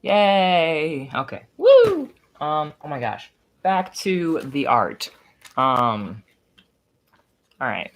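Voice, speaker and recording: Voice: mid-range voice, very animated, slow pace, pauses often, pushed and bright, slight background noise. Young streamer rambling on a live, self-deprecating, swears a lot, keeps cracking up. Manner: giggly, flustered when reacting to old drawings. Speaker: livestreamer. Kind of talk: casual livestream chat.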